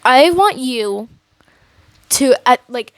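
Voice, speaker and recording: A woman's voice: high voice, expressive, takes it slowly, no echo, clean studio sound. A teenage girl ranting casually to camera as a vlogger, rambling with many likes and restarts.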